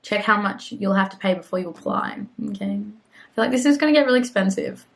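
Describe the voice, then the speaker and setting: A woman's voice: mid-range voice, a little fast, low-quality recording. A young Australian woman in a casual vlog, chatty and self-mocking, reading website text aloud and drifting into muttered asides. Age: young adult. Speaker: vlogger.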